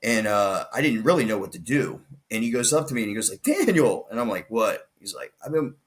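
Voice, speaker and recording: A man's voice: fairly low pitch, fast. A man, a podcast guest, telling his story in casual conversation, acting out the lines of the people in it. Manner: animated retelling, acts out quoted dialogue, frequent restarts.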